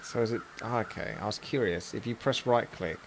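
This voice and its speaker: A man's voice: on the low side, a little fast, slight background noise. A man streaming a game live, chatting casually with rambling asides and a slight sore throat. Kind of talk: live gameplay commentary.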